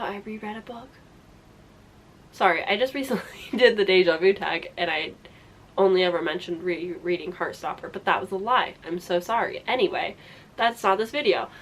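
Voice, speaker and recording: A woman's voice: mid-range voice, a bit bright, slight background noise. A young adult woman chatting casually to camera as a book vlogger, rambling, restarting and laughing as she goes. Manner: chatty, self-interrupting, frequent laughs.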